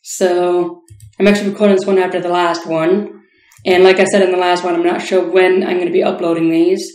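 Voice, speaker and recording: A woman's voice: lowish voice, a little fast, echoey room, low-quality recording. A woman hosting a reaction video, chatting casually and rambling with lots of fillers. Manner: relaxed and rambling, full of fillers. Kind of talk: casual chat to camera.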